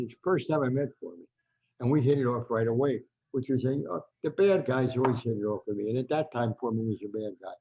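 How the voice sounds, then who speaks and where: A man's voice: medium pitch, dark tone, husky, highs cut off. An older American man, a veteran writer, telling rambling anecdotes as a podcast guest, with an American accent. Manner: rambling anecdotal storyteller, frequent restarts. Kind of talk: storytelling interview.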